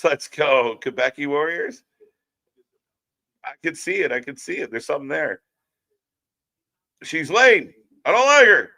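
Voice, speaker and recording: A man's voice: mid-range voice, sharp tone. A man hosting a live wrestling stream, chatting casually and profanely, rambling and joking while reading chat comments aloud. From outside Ireland, Scotland and Britain.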